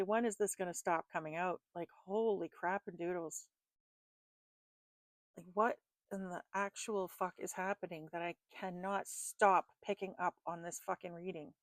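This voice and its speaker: A woman's voice: medium pitch, no room sound. A woman giving a casual tarot reading to her viewers, frustrated and swearing often, laughing at her own exasperation. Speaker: tarot reader.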